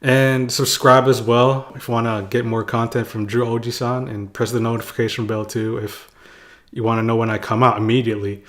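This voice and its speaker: A man's voice: mid-range voice, flat delivery, fairly quick, fairly bright tone. A young man casually telling a childhood story to his viewers in a loose, rambling way, with lots of "like" and chuckles. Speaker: vlogger.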